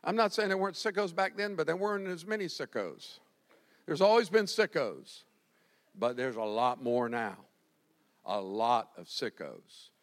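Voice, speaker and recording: Animated, high-voiced preaching man. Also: unhurried. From Florida, US. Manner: animated storytelling with self-deprecating humor. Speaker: pastor. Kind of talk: sermon.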